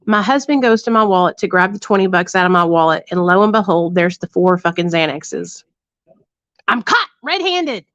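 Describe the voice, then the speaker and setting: A woman with a lowish voice hosts a livestream, telling her audience a story bluntly and profanely and tossing in lots of tag questions. She talks a little fast with hardly any pauses. The recording is dry, dull and lo-fi.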